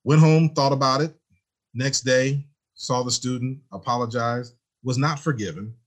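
Man, teacher, conversational interview, animated storytelling, acts out quoted dialogue, mid-range pitch. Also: normal speed. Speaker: teacher, guest.

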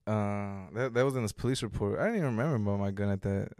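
A young man telling a story in casual chat, animated, swearing freely and acting out quotes loudly. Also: on the low side, very fast, clean tone, no echo, studio quality.

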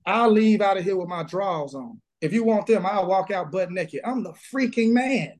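Man, Southern pastor, high-pitched, emphatic and blunt, remote interview. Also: lively intonation, normal speed, a little mellow. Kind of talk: casual interview, preaching energy. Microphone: video call.

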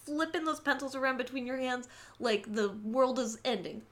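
A woman's voice: high-pitched, normal speed, fairly bright tone. Playful woman podcast co-host. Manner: joking, playful, conversational. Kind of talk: casual movie recap chat.

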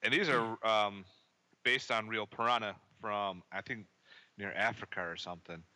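A man's voice: fairly low pitch, fairly even intonation, moderate pace, bright, forceful tone. A man co-hosting a casual movie podcast, recounting scenes and acting out the lines. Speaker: podcast co-host.

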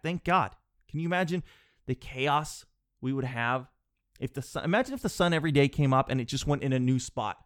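A man with a cold, sniffling as he rambles through an animated, digressive comic monologue from his home office. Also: medium pitch. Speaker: vlogger.

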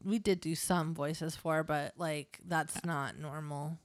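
Lively female podcast co-host, lowish voice, dry close sound. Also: slow, dry recording. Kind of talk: casual chat.

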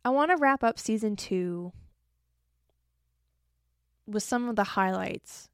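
Young woman podcaster, kinda tired, joking at herself, gravelly fry, dry close mic. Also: medium pitch, animated, slow pace, no room sound. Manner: chatty and self-deprecating, joking asides. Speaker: podcast host. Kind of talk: casual solo podcast chat.

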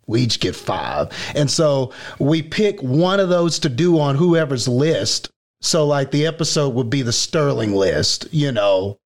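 A man co-hosting a podcast, casually rambling with lots of fillers as he pitches an idea. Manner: rambling, enthusiastic, filler-heavy. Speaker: podcast co-host. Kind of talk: casual chat.

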